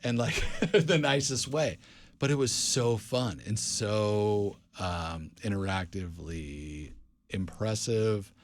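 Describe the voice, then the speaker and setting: A man's voice: on the low side, takes it slowly. A man in casual podcast chat, rambling through stories with lots of "like" and "dude" and frequent restarts. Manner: rambling storyteller, many restarts, says "dude" and "like". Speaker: podcast co-host.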